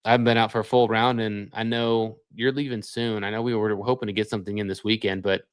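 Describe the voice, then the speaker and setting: A man's voice: lowish voice, level tone, fast talker, clear, resonant tone, no room sound. A man co-hosting a podcast, chatting casually and reacting with short replies. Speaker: podcast co-host. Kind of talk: casual chat.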